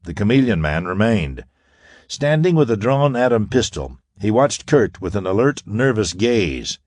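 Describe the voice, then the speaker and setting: Deep-voiced man narrating pulp sci-fi. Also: very animated, unhurried, a little mellow, no room sound. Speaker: audiobook narrator.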